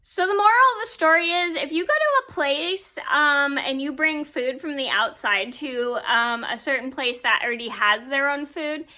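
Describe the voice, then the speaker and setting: A woman's voice: sits high, moderate pace, few pauses, sharp tone. A woman vlogger telling a story to camera in a casual, rambling way with many fillers. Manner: rambling, filler-heavy, easily sidetracked.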